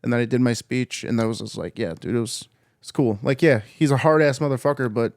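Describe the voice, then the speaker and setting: A young man hosts a podcast and talks over his Army days in a loose, rambling way. He swears often and restarts his sentences. His pitch sits in the middle, and the room sounds dry. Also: gravelly, no echo. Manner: rambling, profane, halting restarts. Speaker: podcast host, Army veteran. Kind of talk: casual chat.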